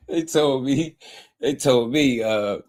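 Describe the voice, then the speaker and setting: A man's voice: medium pitch, a little mellow, slight background noise. A man hosting a boxing live stream. He chats casually in slang and laughs constantly as he reacts to clips.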